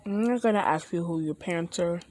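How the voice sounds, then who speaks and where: A young man voicing a weary grown man who teaches heroes, speaking in a calm, matter-of-fact way. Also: high-pitched, a little fast, natural voice.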